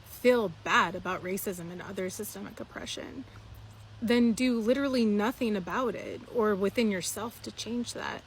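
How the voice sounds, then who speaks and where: A woman's voice: mid-range voice, moderate pace, slight background noise. Blunt, lecturing woman. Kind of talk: direct-to-camera commentary.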